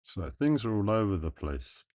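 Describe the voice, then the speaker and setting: A man with a deep, low-pitched voice speaks slowly and earnestly to his livestream viewers. He thinks aloud in halting phrases, pausing and restarting often. The sound is dry and close, with no room echo. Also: very animated, darkish tone. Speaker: live streamer.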